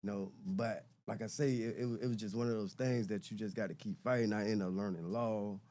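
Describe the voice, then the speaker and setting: A man's voice: lowish voice, steady tone, brisk, warm tone. A middle-aged man and podcast guest talking casually and reflectively, often repeating words as he searches for them. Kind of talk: casual conversation.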